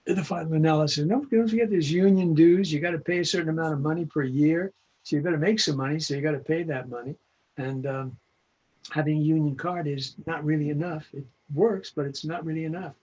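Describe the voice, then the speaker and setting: An older man with a husky, slightly higher voice talks bluntly and emphatically, hammering home practical advice. The audio is dull and lo-fi, as from a video call. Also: a little mellow. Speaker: veteran voice actor guest. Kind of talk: interview over video call.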